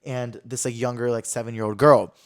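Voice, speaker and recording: A young man hosting his own podcast, telling a story in casual chat, full of fillers and acting out quotes in higher voices. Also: little pitch movement, fairly quick. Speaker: podcast host.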